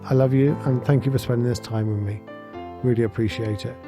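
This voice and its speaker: A middle-aged man hosting a reflective podcast, talking in an earnest, gentle and heartfelt way, chuckling often. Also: mid-range voice, steady tone, a little fast, over music. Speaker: podcast host and spiritual teacher.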